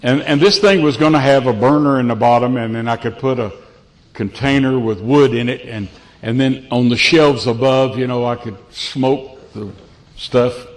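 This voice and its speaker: An older man tells homespun stories from a church pulpit, in a folksy and self-deprecating way. His voice sits in a middle pitch, and he often restarts his sentences. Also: normal speed. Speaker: preacher. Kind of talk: storytelling sermon.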